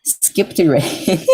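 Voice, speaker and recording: A man's voice: high voice, breathy edge, rough recording. A man from Mexico streaming live, reading dictionary definitions aloud and breaking off to chat casually with his viewers.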